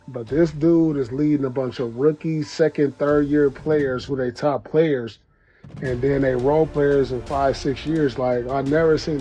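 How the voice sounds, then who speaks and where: A man's voice: medium pitch, mellow, highs cut off. Slangy man talking basketball. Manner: slangy, conversational. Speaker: sports commentator. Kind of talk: casual video commentary. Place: outdoors at a grill.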